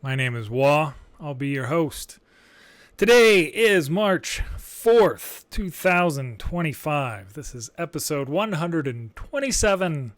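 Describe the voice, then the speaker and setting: A man in his thirties hosts a podcast and rants about the news, animated and sarcastic, swearing when he gets riled up. His voice sits a bit high for a man and comes through smooth and resonant. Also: takes it slowly, no echo. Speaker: podcast host. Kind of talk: ranting political podcast.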